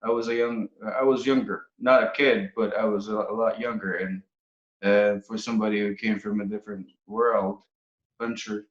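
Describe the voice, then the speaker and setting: A man's voice: on the low side, steady tone, normal speed. Man from the Philippines, roomy dull sound. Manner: hesitant, restarts often. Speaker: guest musician. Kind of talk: casual interview chat. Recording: roomy, dull podcast audio.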